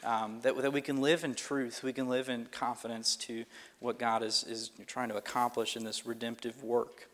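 A pastor telling a personal story in a sermon, in a loose conversational way with fillers and restarts. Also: male voice, mid-range voice, little pitch movement, moderate pace, fairly bright tone. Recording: long reverb of a hall.

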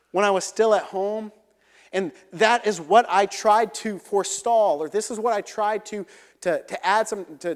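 A young man preaching a sermon, earnest, dropping to a low hush for emphasis. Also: big-room sound. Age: young adult.

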